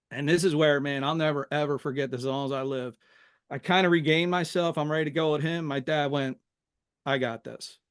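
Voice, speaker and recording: Middle-aged guy from philly, podcast guest telling old stories, says "man" a ton, smooth fairly high voice. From Philadelphia, USA. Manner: animated, says "man" constantly. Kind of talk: casual storytelling interview.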